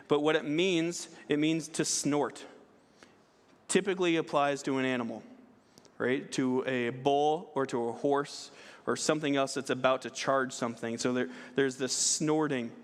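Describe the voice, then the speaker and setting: A man's fairly high voice carries through a church sanctuary as he preaches a sermon, its long reverb lingering behind him. The pastor keeps a steady tone at normal speed, talking conversationally with many restarts and an occasional questioning "right?".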